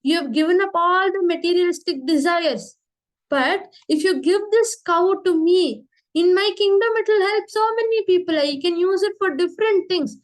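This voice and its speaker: A woman's voice: very high voice, low-quality recording. A woman doing a proud, pushy king. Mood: pleading. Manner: insistent, pushy, rushed. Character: proud demanding male king, impatient.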